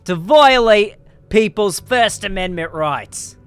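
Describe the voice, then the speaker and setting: A man's voice: high voice, lively intonation, smooth, dry recording, soft background music, pitched above the performer's own voice, heavily acted. A man doing an impression of a ranting older male politician in a shaky, put-on New York accent, drawn out and indignant. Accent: New York, put on and drifting. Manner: loud, drawn-out, wavering fake accent.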